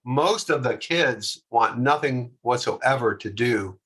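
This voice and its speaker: Male webinar presenter, middle pitch, bright tone, loose hesitant delivery. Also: expressive, slow, slightly rough. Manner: casual, hesitant, many fillers. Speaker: workshop presenter. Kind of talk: webinar commentary.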